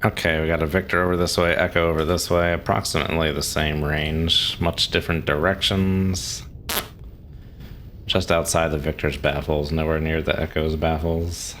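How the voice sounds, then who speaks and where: A man's voice: a bass voice, flat delivery, normal speed, a bit bright, slight background noise. A man streaming a game, chatting casually and answering chat questions, with frequent chuckles. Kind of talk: casual live-stream commentary.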